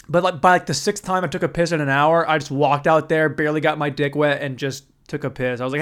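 A man's voice: fairly high pitch, steady tone, a little fast, clean tone. Profane, rambling male stand-up comic. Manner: profane, rambling, bro-ish. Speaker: stand-up comedian. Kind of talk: stand-up storytelling.

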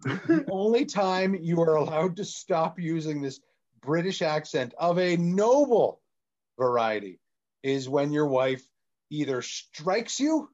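A man co-hosting a podcast, teasing his co-host in casual banter and talking fast in bursts. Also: a little high, a little mellow. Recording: dull lo-fi sound.

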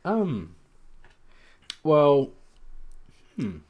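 A man's voice: a little high, wildly swooping pitch, very slow, dull audio. A man co-hosting a podcast, telling stories in casual chat with lots of fillers and restarts. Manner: rambling storyteller, many fillers and restarts. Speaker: podcast co-host.

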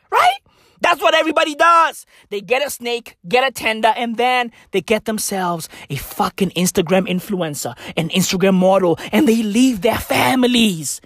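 Animated, swearing South African man. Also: very high-pitched, no room sound, studio quality. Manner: profane, animated, bursts into shouts. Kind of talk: comedic rant.

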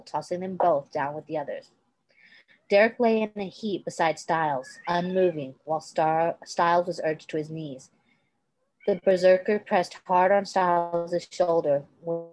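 A woman's voice: lowish voice, darkish tone, no echo, rough recording. A woman casually reading fan fiction aloud, stumbling and restarting over words. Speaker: reader.

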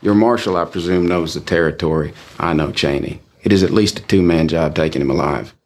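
A man's voice: deep voice, fairly quick. An actor playing a stiff, self-assured lawman hunting a bounty, speaking in formal, old-fashioned sentences. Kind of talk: film dialogue.

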